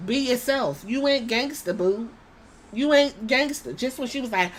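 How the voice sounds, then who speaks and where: A woman's voice: a little high, expressive, moderate pace. A young adult woman hosting a podcast, ranting bluntly with profanity and slipping into mocking impressions. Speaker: podcast host. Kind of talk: casual opinion rant.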